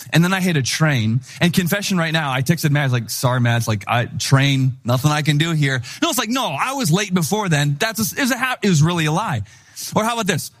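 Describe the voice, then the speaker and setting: A middle-aged man preaching a sermon in an animated, conversational way, acting out the people he quotes. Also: fairly high pitch. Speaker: pastor.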